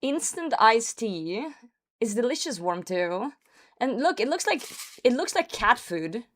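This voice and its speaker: A woman streamer chatting casually with her viewers and reading their messages aloud, her voice worn and hoarse from a cold. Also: fairly high pitch, very animated, measured pace, fairly bright tone. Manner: loose and chatty, swears, reads chat aloud and laughs. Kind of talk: casual livestream chat.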